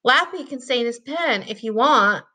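A woman's voice: a little high, expressive, moderate pace, pushed and bright. Woman voicing an earnest young schoolgirl. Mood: friendly. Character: young schoolgirl, kind and a bit worried.

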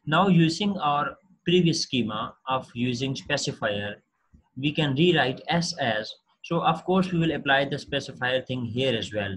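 A man giving a recorded linguistics lecture, talking haltingly with many fillers and restarts. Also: mid-range voice, animated, fairly bright tone, a little hiss or hum, rough recording.

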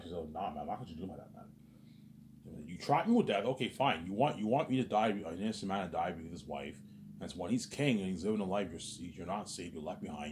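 A low, darkish male voice, with a faint hiss or hum, drives this agitated vlog monologue. The vlogger rambles and repeats himself, swearing often and leaning on the words "obviously" and "man."

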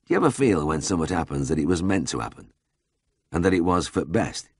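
A man voicing a taciturn old farmer with a Yorkshire accent, speaking quietly and flatly in few words. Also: deep voice, fast talker, slightly rough, dry recording, studio quality, exaggerated voice. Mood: reflective.

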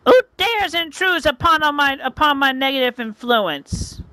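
A man's voice: extremely high pitch, expressive, a little slow, pushed and bright, slight background noise, pitched above the performer's own voice, heavily acted, low-quality recording. A man voicing a gloating, theatrical female witch villain in a storybook reading. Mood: indignant, scornful. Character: cackling evil adult female witch villain.

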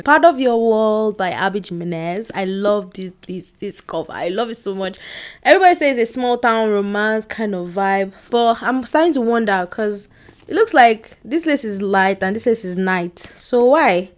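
A young woman, chatting casually to camera at home, rambling with excited bursts and quiet trailing asides. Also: medium pitch. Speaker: book vlogger. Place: indoors at home by a bookshelf. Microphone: on-camera mic.

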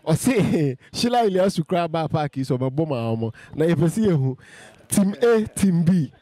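Lively Ghanaian man interviewing. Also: a little high, moderate pace. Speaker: street interviewer. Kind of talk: casual on-the-street interview.

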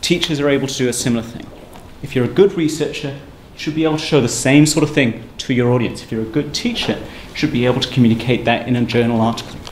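A man giving a university seminar talk, brisk and emphatic in a conversational lecturing manner. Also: mid-range voice. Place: lecture room. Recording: echoey room with faint ambient noise.

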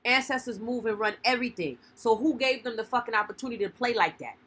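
A woman's voice: on the high side, fast talker, fairly bright tone, slightly rough. A woman talking bluntly and profanely in a heated casual podcast chat. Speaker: podcast co-host.

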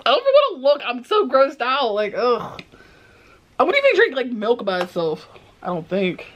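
A woman vlogger talks casually to camera. Her voice sits a little high and swoops widely up and down. She talks in a dramatic, squeamish way. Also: wildly swooping pitch, normal speed, lo-fi sound. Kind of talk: casual vlog chat to camera.

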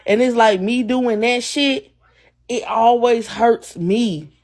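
A woman's voice: fairly high pitch, slow pace, a little mellow. Angry young woman ranting on a livestream. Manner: heated, profane and repetitive, answering chat. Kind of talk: angry live-stream rant.

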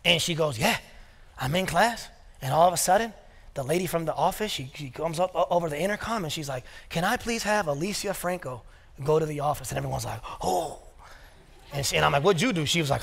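Pastor, thirties, male, high voice, chatty anecdotal sermon style, church hall reverb. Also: brisk, vocal fry, a bit bright. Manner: storytelling with casual asides and quoted dialogue. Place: church sanctuary.

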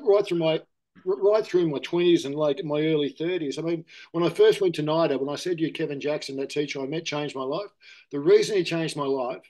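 A man's voice: fairly high pitch, darkish tone. A middle-aged Australian man in casual candid conversation, rambling and correcting himself, often saying mate. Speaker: interview guest.

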